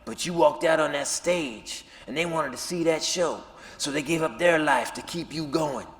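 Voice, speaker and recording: A man doing an impression of a calm, soft-spoken rock star in a stand-up set. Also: on the high side, moderate pace, in a large hall, lightly acted. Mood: easygoing.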